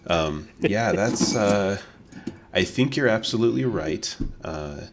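Deep-voiced, chatty laughing man. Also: animated, slow, noisy background. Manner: chatty, laughs often, rambling with fillers. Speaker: podcast co-host. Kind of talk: casual podcast chat.

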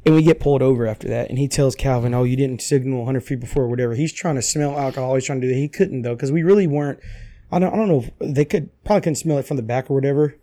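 Young man, casual chat, fast, mellow, warm tone, animated storytelling. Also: mid-range voice. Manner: animated storytelling with acted quotes, swearing.

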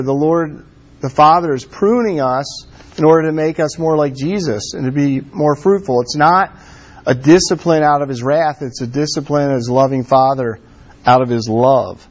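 A man preaching a casual, conversational sermon, filling his talk with "like" and "um" and pressing his points with warm emphasis. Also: on the high side, moderate pace. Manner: conversational, many fillers like "like" and "um". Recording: dull lo-fi sound.

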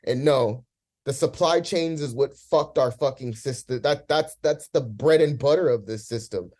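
A man's voice: mid-range voice, normal speed, dark tone. A man in a podcast discussion, talking in an impassioned, profane rant, visibly emotional.

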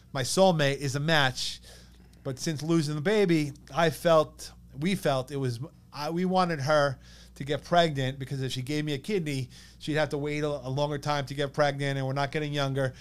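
A man in his thirties with a New York accent, telling a personal story as a podcast guest in an animated way, acting out what others said. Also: on the high side. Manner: animated, quotes others in lively bursts.

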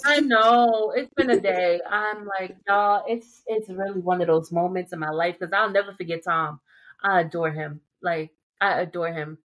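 A woman hosting a casual podcast chat, telling stories with lively delivery and acting out quotes in playful voices. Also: lowish voice, moderate pace. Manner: animated storytelling, acts out quotes in playful voices. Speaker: podcast host.

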